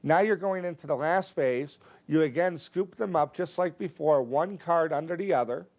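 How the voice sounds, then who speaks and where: Man explaining a card trick, fairly high voice. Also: moderate pace. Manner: relaxed, explanatory, steps through moves one by one. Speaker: magic teacher. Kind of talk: instructional explanation with performed patter.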